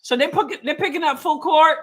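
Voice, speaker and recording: Hosting a live watch party, a woman reacts to a basketball game as it happens in a high-pitched, fairly bright voice that runs a little fast. Her sports commentary is emotional, full of exclamations and indignation over calls.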